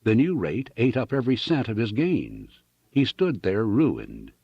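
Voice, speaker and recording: A man reading a novel aloud as an audiobook narrator, in an expressive, dramatic style. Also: on the low side, unhurried, vocal fry, breathy edge, no echo, highs cut off. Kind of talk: scripted narration.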